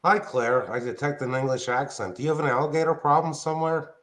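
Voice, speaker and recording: A man's voice: medium pitch, steady tone, fast talker, a bit bright. A man from southeastern Pennsylvania chatting as a caller, asking plain questions. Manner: easygoing, asks plain questions. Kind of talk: casual call-in chat.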